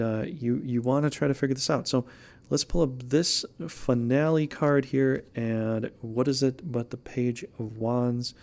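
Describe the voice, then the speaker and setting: A man's voice: medium pitch, a little mellow. A man giving a casual, rambling tarot reading as an amateur reader, joking and restarting his sentences as he goes.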